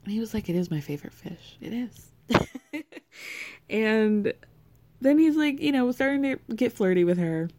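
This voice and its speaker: A woman's voice: fairly high pitch, expressive, normal speed, pauses often, a little mellow. A woman casually retelling a reality show episode, acting out each person's lines and laughing often. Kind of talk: casual recap chat.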